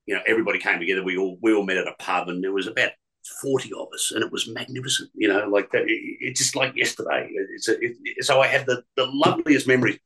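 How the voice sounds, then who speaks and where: A middle-aged man with a lowish voice and a bright, forceful tone tells stories in a rambling, conversational way. He stumbles through restarts and fillers, as a relaxed guest does. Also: fast, breathy edge, low-quality recording. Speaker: radio presenter guest. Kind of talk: casual storytelling interview.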